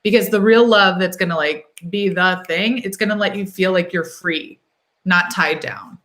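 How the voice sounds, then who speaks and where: A woman's voice: fairly low pitch, fairly bright tone. A young woman reading tarot cards on a casual livestream, chatting loosely with many "um"s and "like"s, upbeat and encouraging. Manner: chatty, thinks aloud, fills pauses with "um" and "like". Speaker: tarot reader hosting a livestream. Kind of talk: casual live-stream chat.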